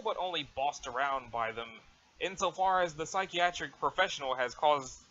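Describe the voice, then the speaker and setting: Guy doing a snooty long-winded teen girl, bright voice, muffled mic. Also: a little high, pitched below the performer's own voice. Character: sardonic, wordy teenage girl.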